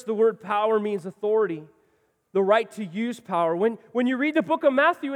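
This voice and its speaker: A man preaching a sermon as pastor, swinging between loud passionate lines and quiet ones. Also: high voice, long reverb tail.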